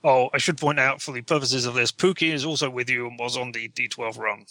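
A man's voice: medium pitch, steady tone, pushed and bright, no room sound. A man narrating a tabletop role-playing game as game master, chatty and often correcting himself mid-sentence. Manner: chatty, self-correcting, quick to laugh.

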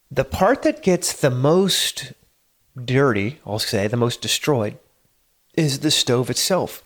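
A middle-aged man hosting his own podcast, telling a story in a loose, conversational way with small chuckles and hesitations. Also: mid-range voice. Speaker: podcast host. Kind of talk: solo podcast monologue. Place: home studio.

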